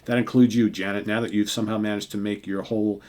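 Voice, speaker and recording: A man voicing a delirious, hostile male superhero who rants at his teammates in a shrill, indignant way. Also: little pitch movement, fast, darkish tone, lightly acted. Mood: furious.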